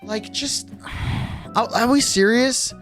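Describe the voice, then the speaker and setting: A man's voice: very high voice, slow, fairly bright tone, faint music behind. Exasperated young man ranting on stream. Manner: exasperated, swears a lot, many restarts. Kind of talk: ranting storytime on a livestream.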